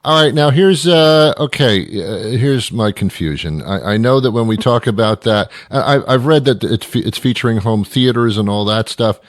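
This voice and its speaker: A British man hosting a radio talk show, talking in an animated, mock-indignant, rambling way. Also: mid-range voice, moderate pace, few pauses, no room sound, studio quality. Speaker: radio host. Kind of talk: comic talk radio monologue.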